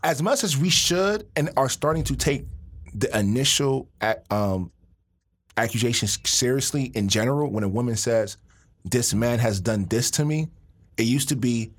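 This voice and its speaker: A husky man talks on a podcast with lively swings in his voice. He is opinionated and slangy and stumbles over repeated words when he gets fired up. The delivery is casual and animated. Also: medium pitch, moderate pace. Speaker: podcast co-host. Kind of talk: casual chat.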